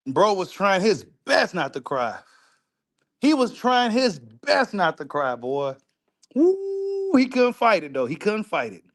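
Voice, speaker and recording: A man talks in a high, excitable register as he reacts to a video. He repeats lines for emphasis and drops curse words freely, in loose casual commentary. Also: measured pace. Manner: repetitive, emphatic, profane street talk.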